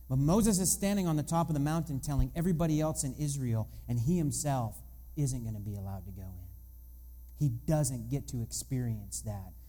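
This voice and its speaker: A man's voice: a little high, mellow. A man in his thirties preaching a sermon in a conversational way, acting out the voices of the people and of God as he tells the story. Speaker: pastor.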